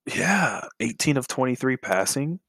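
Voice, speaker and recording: A man's voice: mid-range voice, big pitch swings, unhurried, gravelly, a bit bright, no room sound. A man co-hosting a casual sports podcast, talking hesitantly with lots of fillers and sighs.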